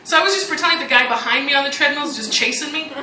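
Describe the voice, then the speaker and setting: A woman's voice: high-pitched, very fast. A woman performing a stand-up comedy set, chatty and self-mocking, with lots of "like" and "you know". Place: comedy club stage. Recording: roomy live recording from a distance with loud crowd noise.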